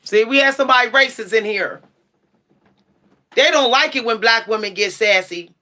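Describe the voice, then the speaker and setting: A high-voiced woman with a bright, sharp edge, going off at her livestream chat. She is blunt, sassy and profane, and rises to shouting when she gets heated. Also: normal speed. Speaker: livestream tarot channel host.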